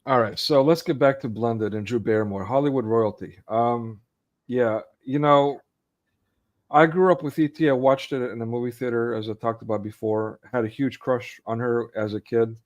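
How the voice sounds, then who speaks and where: A man's voice: medium pitch, fairly even intonation, normal speed, highs cut off. A man in his forties, co-hosting an online talk on a video call, speaking earnestly and getting emotionally charged, often restarting his sentences. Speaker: co-host. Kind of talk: casual online discussion.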